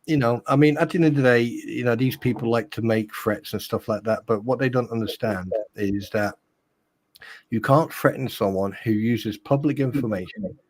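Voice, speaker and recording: Husky man chatting casually. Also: medium pitch, moderate pace. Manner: rambling, teasing, with frequent fillers. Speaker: co-host. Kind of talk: casual live-stream chat.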